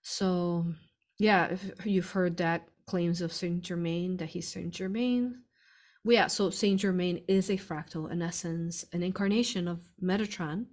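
A woman's voice: lowish voice, fairly even intonation, measured pace, darkish tone. A woman hosting a live spiritual stream, answering viewer questions in a chatty way, laughing often and calling listeners "you all".

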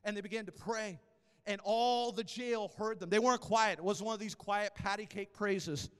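A male pastor preaches with fervor, rising to loud calls and dropping into hushed storytelling. His voice is unusually high and smooth. Long reverb from a large church hall trails behind him. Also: fairly even intonation, normal speed. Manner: impassioned, swings between loud exhortation and hushed storytelling. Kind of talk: sermon.

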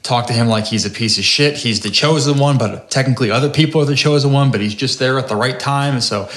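A man's voice: medium pitch, fast talker, fairly bright tone. A man hosting a podcast, ranting in a profane, exasperated way during casual chat. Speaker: podcast host. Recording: roomy echo.

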